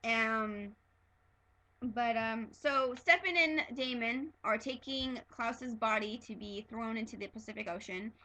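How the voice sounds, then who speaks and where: A woman recaps a TV episode for her fan vlog in a rather high, bright, forceful voice. She gushes and rambles, full of fillers and restarts. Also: measured pace, poor audio. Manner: excitable, gushing, many fillers and restarts. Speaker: TV episode reviewer. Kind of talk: casual fan review vlog.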